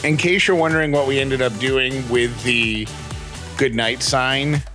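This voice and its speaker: A man's voice: mid-range voice, steady tone, unhurried, music in the background. A man co-hosting a podcast, talking in an easygoing, joking way. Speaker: podcast co-host. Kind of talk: casual chat.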